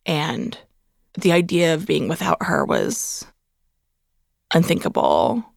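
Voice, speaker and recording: A woman's voice: sits low, wildly swooping pitch, slow, vocal fry, no room sound, clean studio sound. A woman telling a painful personal story in a candid, conversational way, full of "like" fillers. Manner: conversational, frequent "like" fillers, emotional recollection. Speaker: memoir author, interview guest.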